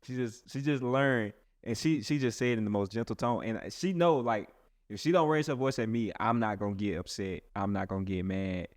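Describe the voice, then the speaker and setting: A man's voice: fairly low pitch, fairly quick, dry recording, clean studio sound. A man who is a pastor, talking earnestly and casually in a rambling way with many restarts. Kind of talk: casual podcast chat.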